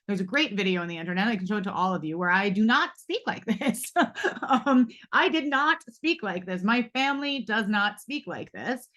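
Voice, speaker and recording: A woman's voice: medium pitch, lively intonation, moderate pace, a bit bright. A woman in her forties moderating a live roundtable, talking reflectively with many fillers and asides. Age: 40s. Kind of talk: live panel discussion.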